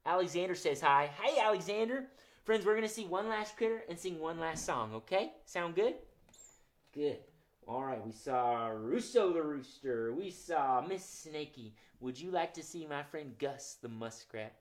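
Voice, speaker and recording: A man hosting a live-streamed kids' music show, talking gently and encouragingly to children. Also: a little high, animated, normal speed.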